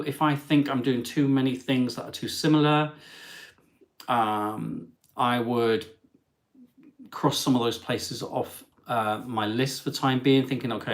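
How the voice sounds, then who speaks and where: A man hosting a casual live travel stream, chatting and reading viewer comments aloud in an animated way. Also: mid-range voice. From England.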